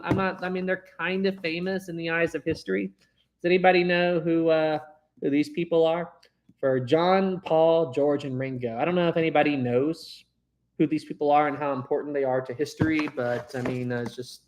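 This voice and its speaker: A man's voice: on the high side, normal speed, slight background noise. A man chatting casually with viewers as host of a live stream, rambling and laughing easily.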